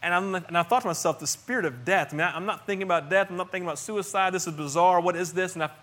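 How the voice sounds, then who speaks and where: Middle-aged male pastor, slightly high voice, earnest conversational preaching with hushed and loud swings. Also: very fast. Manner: earnest and conversational, with frequent restarts and swings in loudness. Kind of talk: sermon.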